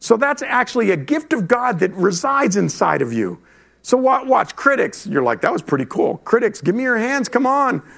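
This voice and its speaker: Gravelly animated man preaching. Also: very high-pitched. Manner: animated, talks straight to the congregation with quick asides. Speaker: pastor. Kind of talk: lively sermon. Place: church before a congregation.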